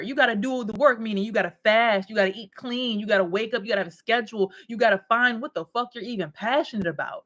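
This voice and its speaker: A woman's voice: on the high side, fast, hardly any pauses, fairly bright tone. A young adult woman hosting a podcast, delivering a fiery, profane, preachy spiritual monologue. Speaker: podcast host.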